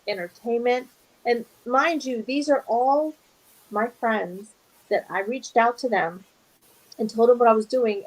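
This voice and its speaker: A woman's voice: medium pitch, low-quality recording. A woman guest on an interview show, talking earnestly and at length about organizing a charity event. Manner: earnest, animated, emotional at times. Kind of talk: casual interview talk.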